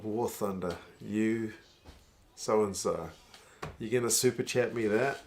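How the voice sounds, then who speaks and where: A man casually chatting on a live stream, reading viewer comments aloud and reacting to a rugby match, with frequent chuckles and bursts of excitement at big plays. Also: fairly low pitch, takes it slowly.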